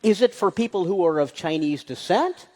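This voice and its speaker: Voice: medium pitch, animated, moderate pace, a little mellow, long reverb tail. A speaker giving a lecture-style public talk to an audience, posing rhetorical questions and stressing key points. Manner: poses rhetorical questions, emphatic. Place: large hall with an audience.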